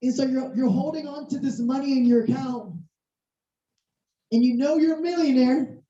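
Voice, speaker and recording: A preacher with a hoarse, worn-out voice tells a sermon story, acting out the dialogue with big leaps in pitch. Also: moderate pace, warm tone. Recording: roomy, distant, dull sound.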